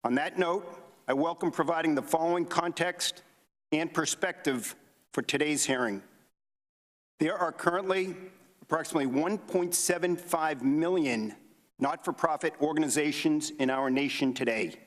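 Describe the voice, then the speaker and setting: Man, committee member, formal opening statement, reads statistics, slightly high voice, reverberant hearing room. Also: moderate pace.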